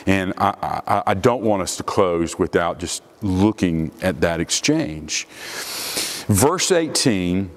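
A male pastor preaching a sermon emphatically, repeating his key phrases, in a church sanctuary. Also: deep voice. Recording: long hall reverb.

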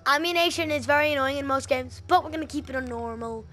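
A young woman chatting while playing a game, excitable and prone to shouting at game events. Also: sits high, fast. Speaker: gaming YouTuber. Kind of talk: let's play commentary. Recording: game music and sound behind.

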